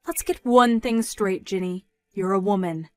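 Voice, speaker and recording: A woman's voice: a little slow, natural voice. A woman voicing a scornful, controlling mother. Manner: mocking, loud, rising in pitch when scolding. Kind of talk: dramatized story narration.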